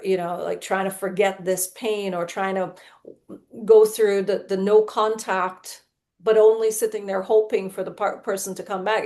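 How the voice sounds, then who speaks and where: A woman's voice: medium pitch, a little mellow. A woman speaking in conversational podcast talk, telling her story expressively and acting out past conversations.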